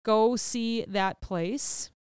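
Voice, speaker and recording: A woman's voice: fairly high pitch, extremely slow, darkish tone, clean tone, no room sound, clean studio sound. A woman co-hosting a casual podcast, chatting and telling stories with quoted voices. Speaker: podcast co-host. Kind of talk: casual chat.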